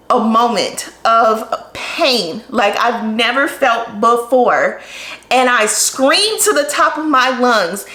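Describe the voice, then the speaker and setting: Young woman vlogging her story, candid and chatty, says like a lot, kinda high voice, echoey room. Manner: candid and animated, with many "like" fillers. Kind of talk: personal storytelling vlog.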